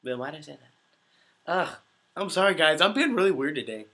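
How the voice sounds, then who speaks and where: Animated and a little fast, this young man's slightly high voice has a sharp tone as he hosts a casual livestream Q&A as a voice actor. Giggles and self-mocking jokes fill his rambling, and he sounds somewhat unwell.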